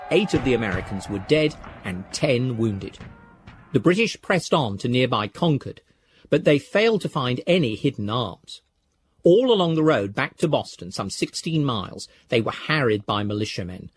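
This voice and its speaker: Husky documentary narrator, man. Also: medium pitch, no echo. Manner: measured, storytelling.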